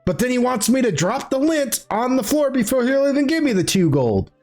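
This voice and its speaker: A man's voice: very high-pitched, sing-song, a little fast, a little mellow, faint music behind, voice pushed up. A man voicing a sly male halfling tavern waiter who whines and protests his innocence. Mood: indignant.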